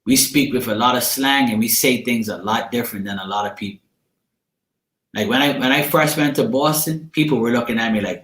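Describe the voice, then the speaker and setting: A man's voice: medium pitch, fairly quick, fairly bright tone, echoey room. A man from Bermuda with a Bermudian accent, rambling in slangy, profane casual chat as he hosts a livestream. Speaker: livestream host.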